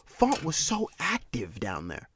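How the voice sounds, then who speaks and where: A man's voice: mid-range voice, wildly swooping pitch, unhurried, a bit bright, a little hiss or hum. A man hosting a solo commentary podcast, ranting heatedly and with profanity, often repeating words and restarting sentences out of frustration. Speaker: podcast host.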